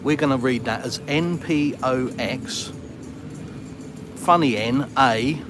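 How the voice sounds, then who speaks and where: Music plays in the background as this British vlogger strolls outdoors along a town street with traffic, talking to his live audience. He's medium-pitched and unhurried, speaking British English in a rambling, self-deprecating way.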